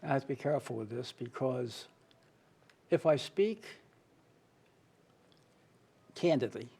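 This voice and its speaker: Interview guest, male, gravelly and husky, earnest candid storyteller. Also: medium pitch, lively intonation, moderate pace, dark tone. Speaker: interview guest, playwright and author.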